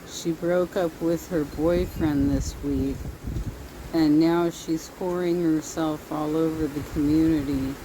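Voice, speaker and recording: Dry, low-voiced woman commentator. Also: steady tone, takes it slowly. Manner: dry, sarcastic remarks. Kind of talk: commentary over a stream clip. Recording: noisy stream recording.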